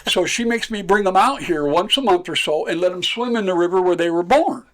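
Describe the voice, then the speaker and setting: A man voicing a sly, deadpan rural man who talks with folksy innocence. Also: high-pitched, a little fast, voice pushed up, lightly acted. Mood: innocent.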